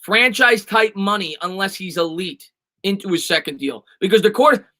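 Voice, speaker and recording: High, bright-voiced man hosting a sports stream. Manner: fast and emphatic, with frequent restarts and repetitions. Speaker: host of a sports live-stream Q&A. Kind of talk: casual live-stream chat reading viewer comments.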